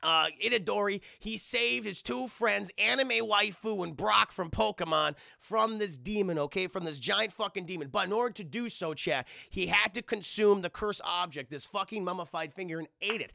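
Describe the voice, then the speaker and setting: A male streamer with a high, bright voice and a heavy gravelly fry rambles through an anime recap for his chat. He swears freely and keeps turning back to address his viewers. The dry sound sits close to the mic. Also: no echo. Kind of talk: casual recap to live chat.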